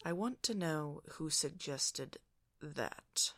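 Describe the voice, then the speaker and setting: A woman's voice: deep voice, lively intonation, slow pace, dry recording, exaggerated voice. A woman voicing a dignified, weary older male starship captain who speaks in a dry, formal way.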